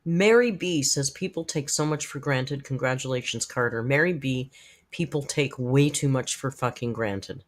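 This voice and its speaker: A woman's voice: very deep voice, moderate pace. A middle-aged woman hosting a live stream, chatting frankly and casually with her viewers and swearing freely. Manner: frank, profane, chatty, talks straight to viewers in the chat. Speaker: live-stream host reacting to videos.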